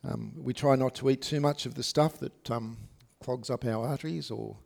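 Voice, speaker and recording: A pastor at a church service preaches to his congregation in a gravelly, darkish mid-range voice at a moderate pace. His sermon is conversational, full of fillers and asides.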